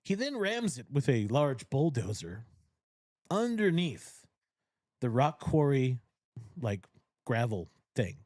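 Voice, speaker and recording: A man's voice: medium pitch, big pitch swings, slow pace, long pauses, darkish tone, dry recording, clean studio sound. A man hosting a podcast, animatedly retelling a movie plot in casual chat, swearing freely and laughing often. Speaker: podcast host. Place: cigar lounge podcast studio.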